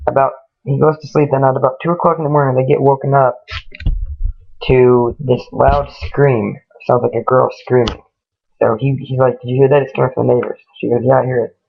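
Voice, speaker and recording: A man's voice: medium pitch, flat delivery, fairly quick, vocal fry. A man casually telling a ghost story in a rambling way, retelling each exchange with "he goes" and "she goes". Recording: tinny lo-fi phone-like recording.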